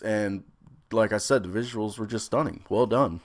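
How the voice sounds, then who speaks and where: A young adult man giving a casual, rambling review of a series, excitable and swearing freely. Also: fairly low pitch, normal speed.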